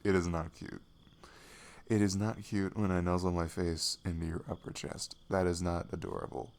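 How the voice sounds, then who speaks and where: A man voicing an affectionate young male best friend in soft-spoken ASMR role-play, tender and playfully defensive. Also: low-pitched, level tone, moderate pace. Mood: flustered.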